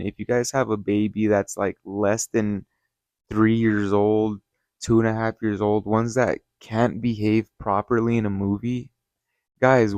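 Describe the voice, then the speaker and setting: Hosting his own channel, a man with a low, slightly mellow voice delivers a casual story-time review. He rambles, gets heated, swears often, and fills gaps with "you know," in dry, close sound with no room echo.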